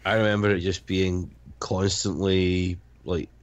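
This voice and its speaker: A man's voice: low-pitched, flat delivery, measured pace. A man co-hosting a casual movie commentary, dropping dry, sardonic quips. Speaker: podcast commentary co-host.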